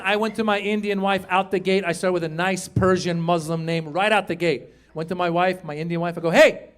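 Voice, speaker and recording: An Iranian man with a high voice performs stand-up comedy on a club stage, animated and shouting his punchlines at the crowd.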